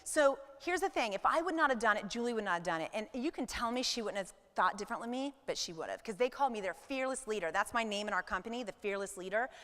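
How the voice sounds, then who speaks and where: A woman in her forties giving a motivational talk to a live audience, telling stories in an animated way and acting out her own thoughts. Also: mid-range voice, quick pace, few pauses, in a large hall. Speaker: business speaker.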